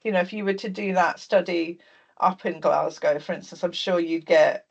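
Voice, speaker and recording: A woman hosting and chairing a question session on a video call, chatty and quick to laugh. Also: fairly low pitch, gravelly, dull audio. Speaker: event host.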